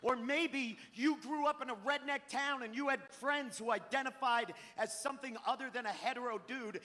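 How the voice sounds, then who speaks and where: A high-voiced man tears through a profane stand-up rant, his bright, cutting tone jumping into shouts. The live theater stream carries a long hall reverb around him. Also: moderate pace. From Maine. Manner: profane, ranting, bursts into shouting. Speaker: stand-up comedian. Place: large theater stage. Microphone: handheld stage mic.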